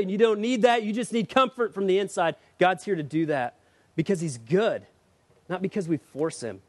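A man's voice: high-pitched, fairly quick, no echo. A man preaching a conversational sermon, talking through scripture and pressing emphatic questions at his listeners. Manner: conversational and emphatic, rising to urgent appeals. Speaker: pastor.

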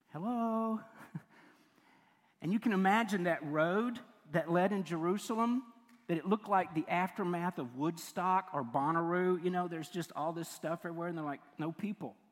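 Chatty pastor in a reverberant hall. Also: male voice, high voice. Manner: chatty, laughs often, breaks off mid-sentence. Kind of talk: sermon. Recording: long reverb of a large hall.

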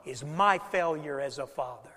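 A man's voice: fairly high pitch, normal speed, bright, forceful tone, pitched below the performer's own voice. A grave, stern old emperor speaks his verdict, as a preacher quotes him, the voice ringing in a long hall reverb. The tone is heavy and final.

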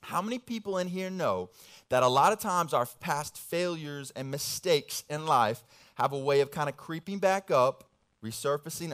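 A young man, a pastor, giving a casual, animated sermon full of slang and family stories. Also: mid-range voice.

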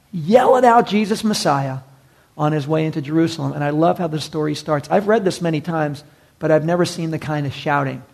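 A man preaching a sermon, animated, moving from hushed lines to shouting. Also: fairly high pitch, vocal fry. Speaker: pastor.

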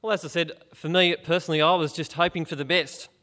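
Brief: middle-aged man, fairly high voice, chatty preacher who questions the listener. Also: steady tone, fast, pushed and bright. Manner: conversational, asks the listener direct questions. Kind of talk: informal gospel talk.

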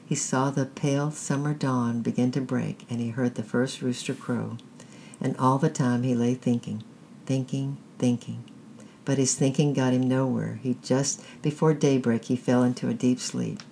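A measured storyteller reads a children's tale aloud. The voice sits in a middle pitch with a gravelly grain. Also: steady tone, mellow, a little hiss or hum. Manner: measured, deliberate reading. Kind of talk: scripted narration of a children's story.

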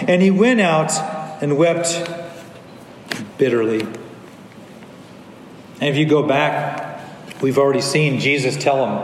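A man's voice: mid-range voice, measured pace, pauses often, a little hiss or hum. A man preaching a sermon as pastor, earnest, sometimes acting out the people in the story. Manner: earnest, acts out quoted lines. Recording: echoey hall, faint ambience.

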